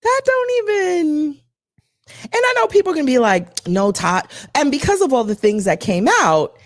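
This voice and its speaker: A woman's voice: on the high side, moderate pace, dry recording, studio quality. A woman co-hosting a live chat show, telling stories bluntly and swearing often. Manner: animated, blunt storytelling with frequent profanity. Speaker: podcast co-host.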